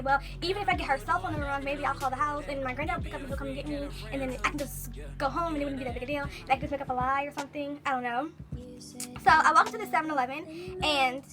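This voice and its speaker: A young woman vlogger telling a personal story in a casual, animated way, full of fillers and quoted thoughts. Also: sits high. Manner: animated, talks fast with many fillers.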